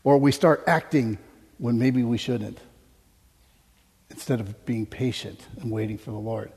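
At a measured pace, an American man preaches from a stage mic in a mid-range voice that is darkish and slightly rough. He tells funny stories and laughs often, and the recording has the echo of a reverberant hall.

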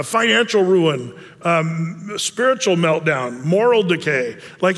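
A man's voice: high-pitched, a bit bright, long reverb tail. A middle-aged man from Oregon teaching a men's Bible study in a folksy, rambling way, with many fillers, restarts and humorous asides about his own life. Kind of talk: conversational Bible teaching with personal stories.

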